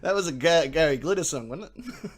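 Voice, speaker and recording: An Australian man hosts a live quiz show amid background noise, joking, laughing often and swearing freely in casual banter. His voice is a little high, animated and brisk.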